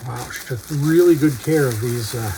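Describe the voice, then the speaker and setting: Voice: mid-range voice, moderate pace, background noise. Chatty record collector unboxing vinyl. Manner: reads out record titles with brief musing remarks. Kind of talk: casual unboxing commentary.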